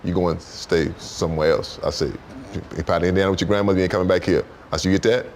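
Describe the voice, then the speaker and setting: A man telling stories on a talk show, in an animated, repetitive way, jumping into high voices for quotes. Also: fast, a little hiss or hum. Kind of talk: storytelling talk-show chat.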